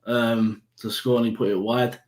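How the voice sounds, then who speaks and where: A man's voice: mid-range voice, level tone, normal speed, a little mellow. A man in a casual football fan chat, downbeat and hesitant, with plenty of ums. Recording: roomy echo.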